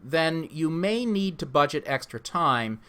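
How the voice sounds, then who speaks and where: A man, the instructor, reading a scripted orientation for his online course in a measured, instructive way. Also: fairly high pitch, expressive, fairly bright tone.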